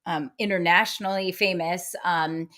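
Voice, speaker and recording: A woman's voice: fairly low pitch, fairly even intonation, normal speed, sharp tone. A woman who is a guest medium, chatting cheerfully with many filler words and frequent laughs. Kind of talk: casual interview chat.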